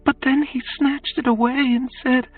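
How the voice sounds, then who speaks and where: A woman voicing a weary young captive woman, speaking in a quiet, halting confession for an audiobook, over faint music. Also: high voice, little pitch movement, lightly acted. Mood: haunted. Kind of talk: audiobook character voice. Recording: distant tinny phone-like sound, faint music.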